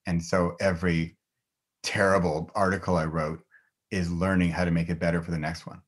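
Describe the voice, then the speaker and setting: A man's voice: low-pitched, little pitch movement, normal speed. A middle-aged man talking as a guest on a podcast in a casual, enthusiastic way, laughing often. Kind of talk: casual conversation.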